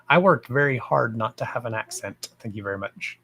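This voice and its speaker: A man's voice: mid-range voice, brisk, few pauses, pushed and bright, breathy edge, low-quality recording. A man with a Texan accent hosting a casual live stream, chatting freely, greeting viewers with endearments and swearing offhandedly. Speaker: psychic live-stream host.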